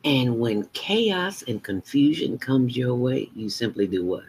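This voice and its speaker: A woman's voice: extremely low pitch, sing-song, normal speed, hardly any pauses, a little mellow, husky. A woman guiding a morning breathing meditation, playful and chatty, talking to herself and dropping into whispers. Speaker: mindfulness teacher.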